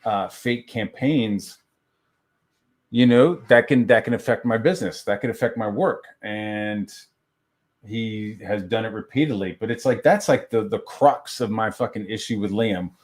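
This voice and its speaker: A man with a fairly low voice rants on a stream, heated and constantly swearing. He stumbles and restarts as he talks through a grievance, loose and unscripted. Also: measured pace. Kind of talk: profane casual rant on a stream.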